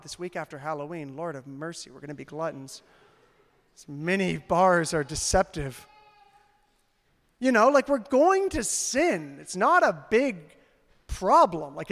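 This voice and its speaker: High-voiced pastor preaching in a reverberant hall. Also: male voice. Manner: conversational, peppered with "like", building to loud fervor. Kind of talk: sermon. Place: church sanctuary. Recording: long reverb of a church hall.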